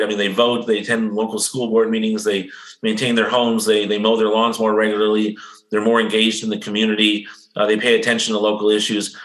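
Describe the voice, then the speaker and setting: A man's voice: on the low side, a bit bright. A man speaking as an economist guest in an interview, explaining confidently and checking for agreement as he goes. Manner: fast, confident, lecturing, seeks agreement with "right?". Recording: echoey room.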